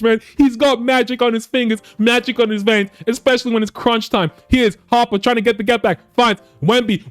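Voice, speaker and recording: A man commentating his basketball video game for his viewers, excitable and swearing often, calling them boys. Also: sits high, no echo. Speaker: gaming YouTuber.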